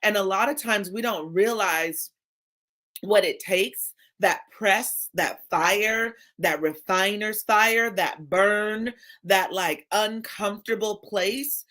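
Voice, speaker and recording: In a heartfelt casual conversation, a woman who works as a health coach and team leader speaks slowly in a medium-pitched, fairly bright voice. Her delivery is preacherly and sincere, and she builds her points through repetition.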